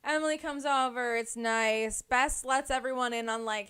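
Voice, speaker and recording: A woman's voice: a little high, fairly even intonation, normal speed, a bit bright, clear, resonant tone. A woman hosting a casual book club podcast, retelling a story with lots of "like" and "um". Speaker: podcast host.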